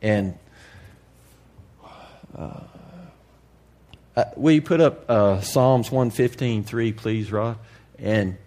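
A man preaching to a congregation in a candid, folksy way, dropping to a hush and then rising to loud emphasis. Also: fairly low pitch, drawn-out words, long pauses. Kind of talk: sermon.

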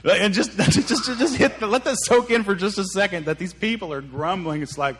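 A pastor with a high, slightly bright voice preaches at normal speed with hardly any pauses. He retells stories conversationally, acting out the characters' lines and often repeating words.

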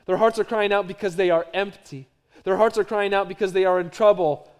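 A middle-aged man with a high-pitched voice preaches a sermon. His delivery moves between quiet, dropped phrases and louder emphatic runs of repetition. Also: steady tone, brisk, clear, resonant tone. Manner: varies from hushed to loud, repetitive emphatic phrasing. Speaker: pastor.

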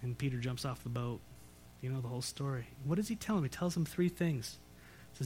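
A man's voice: mid-range voice, fairly quick, a little mellow, faint music behind. A man preaching a sermon as pastor, in a conversational way with rhetorical questions and light jokes. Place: church sanctuary.

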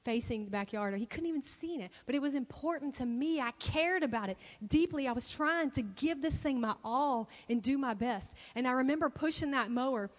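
A woman with a fairly high voice preaches, her story rising into animated bursts of excitement. The sound carries a long reverb, as if from a large hall. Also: fairly quick, few pauses. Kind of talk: sermon storytelling.

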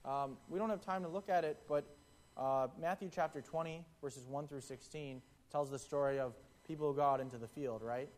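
A man's voice: a little high, a little fast, a little mellow. A young man giving a casual, conversational sermon, acting out the voices in the stories he tells. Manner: conversational, acts out quotes in the parable. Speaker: preacher.

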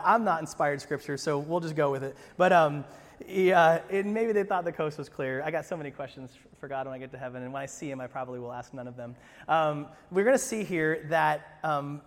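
A pastor preaching a sermon, animated and conversational, with humorous asides. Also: male voice, fairly high pitch, long reverb tail.

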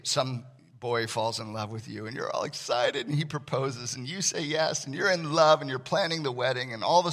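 Man, pastor, sermon, conversational, animated, acts out quoted voices. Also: medium pitch.

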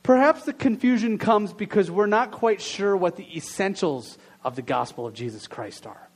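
A pastor with a high-pitched, expressive voice preaches a sermon at normal speed. He begins with a prayer, speaking more softly there, then earnestly poses a string of questions to the congregation.

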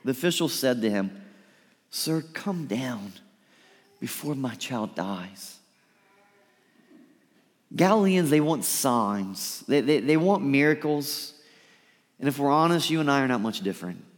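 A man preaching a sermon, lively and emphatic, sometimes dropping to a soft pleading voice to act out a quote. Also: medium pitch. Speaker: pastor. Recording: reverberant hall.

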